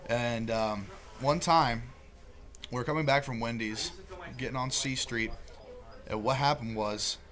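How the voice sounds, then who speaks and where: A man's voice: medium pitch, a little slow, a bit bright. A young man casually telling a profane story among friends, laid-back and full of swearing.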